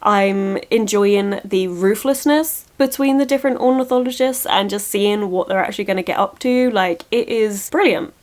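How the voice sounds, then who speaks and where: A young woman talks through her week's reading in a relaxed, chatty vlog voice. She is openly enthusiastic, breaks into laughs easily, and keeps the tone light and conversational. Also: mid-range voice, normal speed, hardly any pauses. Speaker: book vlogger. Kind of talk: casual reading vlog chat.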